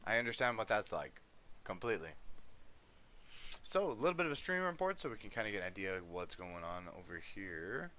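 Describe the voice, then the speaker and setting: A man's voice: lowish voice, animated, a little fast, pushed and bright. A male livestreamer chatting casually, easygoing, coaxing and scolding his dog between music talk.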